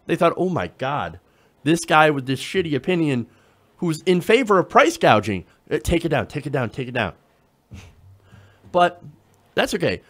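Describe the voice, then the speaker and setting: A man hosting a political talk show, reading quotes aloud with sarcastic commentary, with frequent fillers and chuckles. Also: fairly high pitch. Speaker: host.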